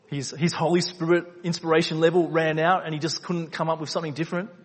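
A man preaching a sermon to his congregation, with a somewhat raised pitch and a slightly husky tone. He poses rhetorical questions and repeats key phrases, dropping quiet and low, then rising loud and emphatic. His voice carries a long reverb from the hall. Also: little pitch movement, fast. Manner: swings between quiet, low passages and loud, emphatic peaks. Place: church hall.

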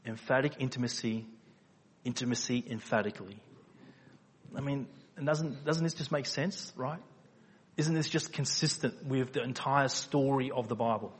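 A man preaching a sermon, asking rhetorical questions and repeating phrases for emphasis, moving between quiet low stretches and loud emphatic peaks. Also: husky. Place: church hall. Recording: reverberant hall.

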